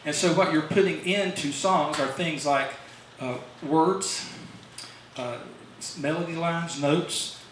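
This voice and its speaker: Guy rambling thru a songwriting talk, bright voice, super echoey room, mic far off. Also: on the high side, slow. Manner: rambling, with many fillers and restarts. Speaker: songwriting speaker at a club meeting. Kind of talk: informal talk to a group. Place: meeting room, recorded from a distance. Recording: very echoey room, distant mic, faint hiss.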